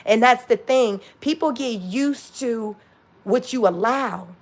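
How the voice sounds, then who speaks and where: Forty-something woman ranting casually on a livestream, kinda high voice, swears a ton, laughs all the time. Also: slow pace. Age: 40s. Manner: blunt, profane, laughing often. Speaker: livestream host.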